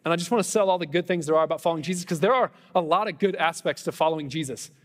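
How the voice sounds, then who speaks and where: A man preaching a conversational Easter sermon as pastor, animated, with self-deprecating humor and quick asides. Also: a little high, in a large hall. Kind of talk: Easter sermon with personal stories. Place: church sanctuary.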